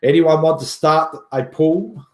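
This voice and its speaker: A man's voice: fairly high pitch, takes it slowly, reverberant. A man hosting a casual livestream who jokes, boasts, swears casually and laughs often. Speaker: livestream host.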